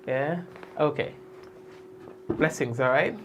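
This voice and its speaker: A man's voice: medium pitch, slow pace. A man in the middle of his vocal range, signing off his live stream in a chatty, teasing way and laughing often. A faint hum sits behind his voice. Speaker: host of a live news stream. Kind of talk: casual live-stream sign-off chat.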